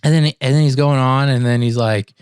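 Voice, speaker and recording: A man's voice: mid-range voice, fairly quick, smooth, no room sound, clean studio sound. A man on a podcast telling a long story in casual chat, acting out what others said and laughing often. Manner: animated storyteller, acts out quotes, laughs often. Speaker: podcast co-host.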